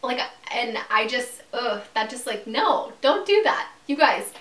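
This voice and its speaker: A woman's voice: fairly high pitch, measured pace. Giggly woman vlogging in an echoey room. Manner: giggly, animated storytelling with lots of fillers. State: recovering from surgery. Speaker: YouTuber. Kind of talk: casual storytime vlog. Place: home room. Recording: echoey room, mic at a distance.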